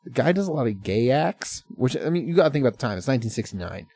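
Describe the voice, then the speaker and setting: A man's voice: medium pitch, sing-song, quick pace, gravelly, mellow, no room sound. A man chatting casually as a podcast co-host, rambling through movie plots, laughing often and swearing freely. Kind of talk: casual chat.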